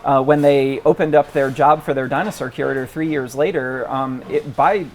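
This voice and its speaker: A man's voice: mid-range voice, steady tone, normal speed. Guy in his 40s, interview guest, lots of ums n restarts, faint noise behind. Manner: thoughtful, many ums and restarts. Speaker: paleontologist guest. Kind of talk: casual interview chat.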